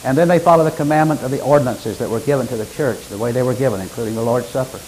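A man preaching a sermon, reading scripture aloud and explaining it, with sudden emphatic rises in pitch and loudness. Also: racing, a little hiss or hum, poor audio. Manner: emphatic, rising to sudden loud peaks.

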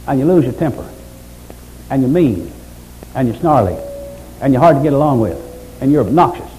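A man preaching a sermon as pastor, building from steady teaching to fervent exhortation. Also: mid-range voice, slight background noise, poor audio.

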